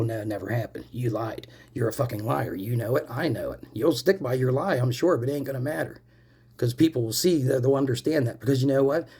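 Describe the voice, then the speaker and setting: A man's voice: medium pitch, creaky, warm tone, breathy edge. A man in his forties ranting angrily to camera, swearing often and calling out to viewers as "people" while he smokes. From Pennsylvania, US. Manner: angry and profane, addresses viewers as "people"; smoking while talking. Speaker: vlogger. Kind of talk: angry personal rant to camera.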